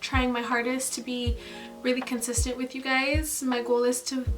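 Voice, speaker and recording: High-voiced chatty young woman vlogging. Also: flat delivery, normal speed. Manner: chatty, gushing, many fillers and laughs. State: pregnant, tired. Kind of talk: casual chat to camera. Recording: mic at a distance, music behind. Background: background music.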